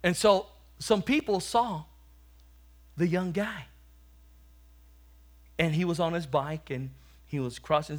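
A man's voice: on the high side, takes it slowly, pauses often. A man preaching a sermon, telling a humorous story and then exhorting and praying fervently.

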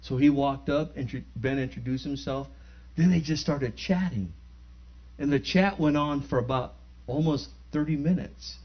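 An older man preaching and telling a family story, with halting restarts that build into loud, excited bursts. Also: mid-range voice, dull audio. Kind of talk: storytelling sermon.

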